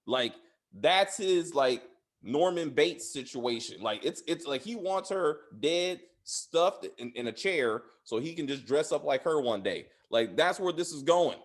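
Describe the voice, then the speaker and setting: A man hosts a casual spoiler review of a TV episode. His voice sits a little high and swings widely in pitch. He rambles, swears freely and peppers his talk with fillers. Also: measured pace. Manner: rambling, profane, animated, with frequent "like" fillers. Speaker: show host reviewing TV episodes.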